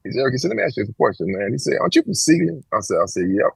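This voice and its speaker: Racing along in a husky voice with vocal fry, a Texan in his sixties gives an animated, lengthy personal account as an interview guest, performing others' voices with big pitch shifts. The recording is dry and low in quality.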